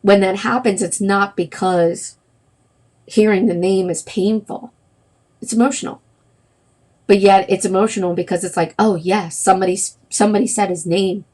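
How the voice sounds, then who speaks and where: A woman's voice: medium pitch, fairly even intonation, moderate pace, a little mellow. A middle-aged woman hosting a wellness livestream, talking casually and rambling, with many fillers and self-corrections.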